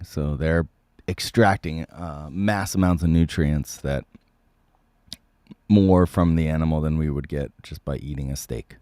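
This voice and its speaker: A man with a sick voice hosting a casual livestream, answering viewer comments with many ums and frequent throat clearing. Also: extremely low pitch, darkish tone, no echo, clean studio sound.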